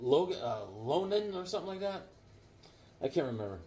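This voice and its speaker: Lively middle-aged man telling stories. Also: high-pitched, moderate pace, a little hiss or hum. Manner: rambling, jokey, animated, acts out voices. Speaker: comic book collector host. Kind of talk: casual storytelling vlog.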